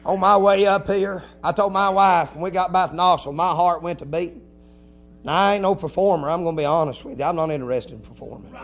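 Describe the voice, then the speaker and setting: A man's voice: high voice, quick pace. Man preaching with rising fervor. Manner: builds from quiet storytelling to shouted preaching; folksy, punctuated with hallelujahs. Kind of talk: Pentecostal-style sermon.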